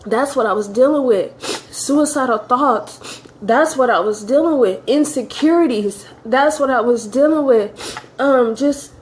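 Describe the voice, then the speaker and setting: A woman's voice: high-pitched, measured pace, a little hiss or hum. A woman telling her personal faith testimony in an earnest, emotional way, often repeating phrases for emphasis.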